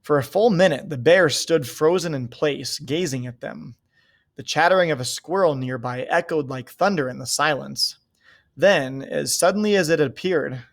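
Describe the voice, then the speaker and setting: A man reading a novel aloud in a steady, measured way. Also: fairly high pitch, gravelly. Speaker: reader.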